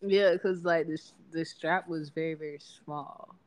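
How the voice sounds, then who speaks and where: A woman's voice: low voice, steady tone, unhurried, very noisy. A woman co-hosting a podcast, talking bluntly in slang and laughing at her own stories. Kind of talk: casual explicit podcast chat.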